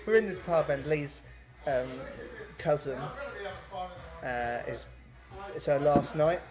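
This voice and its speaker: A man's voice: fairly high pitch, slow pace, over music, low-quality recording. A young man telling a story on a podcast in casual, rambling, sweary chat full of fillers. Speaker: podcast co-host.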